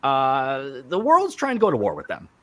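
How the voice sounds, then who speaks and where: A man's voice: medium pitch, wildly swooping pitch, normal speed, bright, forceful tone. A man hosting a casual podcast chat about comics, enthusiastic and rambling with many fillers and restarts. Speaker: podcast host.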